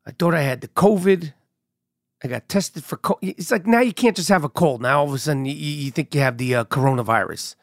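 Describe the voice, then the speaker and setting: A middle-aged man hosting a podcast, telling stories in an animated, profane way while sounding a bit sick and congested. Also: fairly high pitch, fairly quick, vocal fry, no echo, studio quality. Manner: animated storyteller, swears freely. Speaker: podcast host. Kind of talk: casual monologue.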